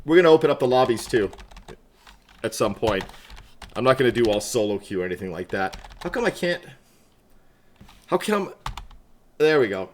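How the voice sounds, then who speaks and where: Chatty, animated man streaming games. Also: mid-range voice, normal speed, pauses often, slight background noise. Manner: chatty, laughs often, greets chat by name. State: wired on coffee. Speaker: livestream gamer. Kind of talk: casual livestream chat.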